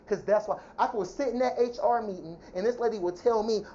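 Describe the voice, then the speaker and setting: Woman going off in a cussing rant, mid pitch, kinda muffled lo-fi audio. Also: warm tone, a little hiss or hum. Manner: profane, fast, indignant venting. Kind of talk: heated personal rant to camera. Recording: dull lo-fi sound.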